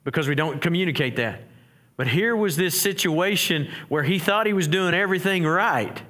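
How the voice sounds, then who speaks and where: Middle-aged guy preaching, chatty style, trips over his words a lot, kinda high voice. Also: lively intonation, moderate pace, bright, forceful tone. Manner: conversational preaching with repeated restarts. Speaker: pastor. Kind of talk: sermon.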